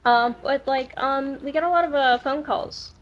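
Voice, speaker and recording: High-voiced young woman telling stories. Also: moderate pace. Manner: rambling, many fillers and restarts. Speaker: podcast co-host. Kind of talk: casual storytelling. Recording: dull lo-fi recording.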